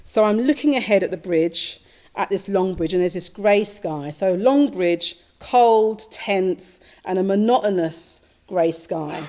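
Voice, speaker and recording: Recounting a dream slowly during a dharma talk, this Buddhist teacher speaks in a mid-range voice. Her delivery turns reflective and repetitive, softened by gentle fillers.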